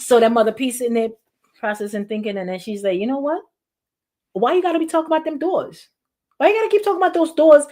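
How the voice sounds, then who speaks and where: A woman pastor preaching in a lively, repetitive style, acting out quotes along the way. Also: high-pitched. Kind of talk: sermon.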